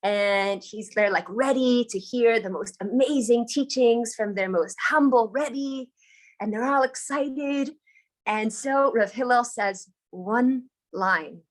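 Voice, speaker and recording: A woman's voice: a little high, slow. A woman teaching on a live video call, telling a story in an enthusiastic, chatty way. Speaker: Torah teacher.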